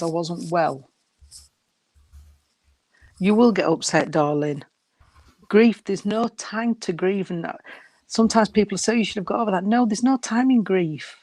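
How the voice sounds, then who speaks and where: A woman giving a spirit reading to a sitter, gentle and unhurried, often calling her sweetheart and darling. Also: lowish voice, dry recording. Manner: unhurried, halting delivery. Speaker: psychic medium.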